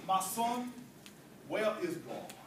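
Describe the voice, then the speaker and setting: A man voicing a church pastor in a told story, slow and deliberate, recorded from a distance in an echoey hall with a crowd around. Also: very high-pitched, lively intonation, noisy background, voice pushed down. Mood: solemn. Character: stern church pastor, grown man, patient then pressing.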